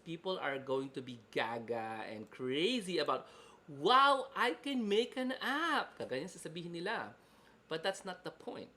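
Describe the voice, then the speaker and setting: A man's voice: mid-range voice, fairly bright tone, slight background noise. A man with a Filipino accent hosting casual promotional talk about an online course, chatty and emphatic. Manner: chatty, emphatic, code-switching.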